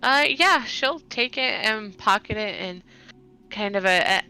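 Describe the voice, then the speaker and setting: A woman's voice: medium pitch, expressive, unhurried, creaky, bright, forceful tone, smooth. A woman playing a tabletop game, hesitant and giggly, with many ums. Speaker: player.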